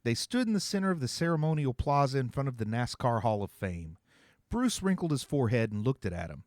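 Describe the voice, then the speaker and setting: Guy reading his own story out loud, lively voice, dry mic. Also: mid-range voice, brisk, no room sound. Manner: expressive storytelling, voicing several characters. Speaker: author and narrator. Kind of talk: scripted narration.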